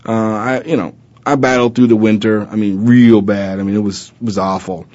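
A man from Arizona tells a personal story with animated energy, playing out old conversations and filling his pauses with "uh" and "you know". His voice sits somewhat low, and the recording sounds slightly muffled. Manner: animated retelling, acting out past dialogue with many fillers. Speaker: former college football player.

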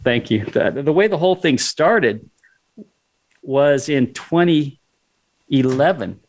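A man's voice: mid-range voice, lively intonation, slow. A man telling a personal story as a guest in a casual conversation, acting out his own lines of dialogue along the way.

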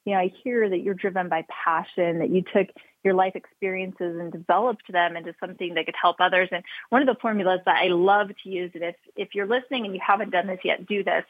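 A woman's voice: fairly low pitch, fairly even intonation, fast talker, no echo. A woman hosting an interview, affirming her guest and explaining ideas to listeners. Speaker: host. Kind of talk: podcast interview. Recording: tinny phone-line audio.

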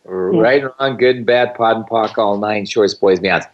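A man's voice: on the low side, unhurried, dull audio. A man hosting a call-in talk show who speaks familiarly to the caller. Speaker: host.

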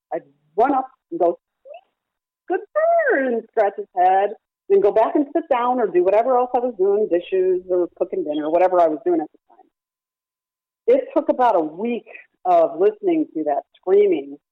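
A woman's voice: on the low side, dry recording. A woman who runs a parrot rescue, explaining her training at length with examples in a phone-in radio interview. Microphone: telephone. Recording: tinny dry phone line.

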